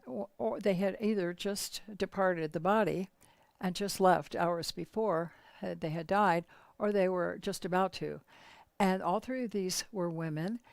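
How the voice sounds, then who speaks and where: A woman leading a spiritual workshop, telling teaching stories in a calm, measured, unhurried way. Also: medium pitch, no echo. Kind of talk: teaching storytelling.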